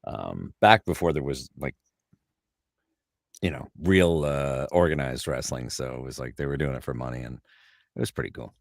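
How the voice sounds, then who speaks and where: A middle-aged voice actor in a casual interview, rambling through stories and laughing often, heard over a video call. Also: male voice, extremely low pitch, animated, normal speed, vocal fry, no room sound, clean studio sound. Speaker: voice actor guest.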